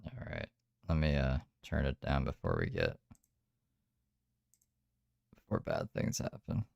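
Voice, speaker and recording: A man's voice: extremely low pitch, sing-song, a little slow, creaky, a little mellow, dry recording, muffled recording. A man hosting a stream, making wry, rambling comments about a clip he plays. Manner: wry, mocking, rambling asides. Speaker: stream host reacting to a clip. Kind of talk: casual commentary on a played stream.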